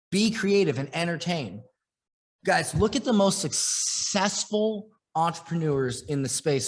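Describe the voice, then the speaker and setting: A man giving a blunt, profane motivational training talk as an online marketing coach, talking in restless bursts with quick restarts. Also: on the high side.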